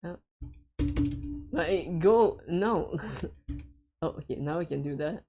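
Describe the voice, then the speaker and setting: A woman's voice: sits low, expressive, takes it slowly, warm tone, dull audio, faint music behind. A woman streaming a co-op game with friends, chatting casually and hesitantly with lots of fillers and frequent giggles.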